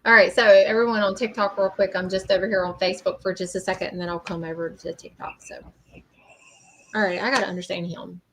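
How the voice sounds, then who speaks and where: A woman's voice: medium pitch, steady tone, fast, fairly bright tone, a little hiss or hum, low-quality recording. A woman hosting a live-streamed psychic reading, rambling and hesitant with many fillers. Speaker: psychic medium host. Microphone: streaming mic.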